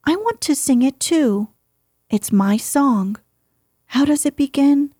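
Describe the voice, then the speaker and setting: Woman doing a soft eager young boy. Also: high-pitched, lively intonation, slow pace, no room sound, clean studio sound, pitched above the performer's own voice. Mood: earnest. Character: sickly boy, eager and earnest.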